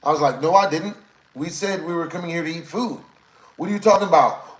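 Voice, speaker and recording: A man tells a long, rambling story to his live chat, leaning on slang and repeating the same filler phrases. His voice sits a little high. The room around him sounds echoey. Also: fairly quick. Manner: rambling, repeats "you know what I'm saying". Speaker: streamer.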